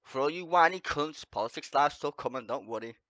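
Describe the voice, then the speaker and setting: A man rants on his livestream in a mocking, foul-mouthed way, often laughing at his own jokes. His voice sits a bit high and swings widely in pitch. The sound is dry and close. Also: animated, fairly quick, bright, forceful tone, no echo. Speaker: livestream host. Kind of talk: profane sarcastic ranting commentary.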